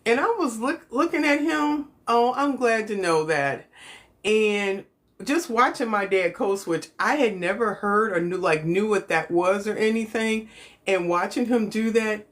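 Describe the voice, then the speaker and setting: A woman's voice: medium pitch, expressive, a little slow. A middle-aged woman from Chicago telling a personal story on a phone livestream, rambling and stopping to greet viewers. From Chicago, United States. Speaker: host of a livestream.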